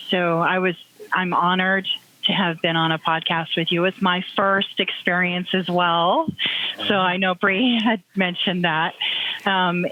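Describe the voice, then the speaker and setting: A woman podcast guest in a casual group check-in, earnest and measured, with frequent ums. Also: lowish voice, bright, forceful tone, slight background noise, poor audio.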